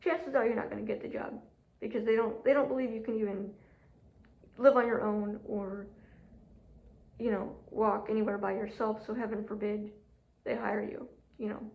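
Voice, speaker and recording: A woman talking casually to camera about her own experiences, chatty and animated, with lots of fillers and quoted self-talk, and a sore throat. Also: mid-range voice, moderate pace, creaky, pauses often. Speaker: job seeker telling her story. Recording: echoey room, dull lo-fi audio.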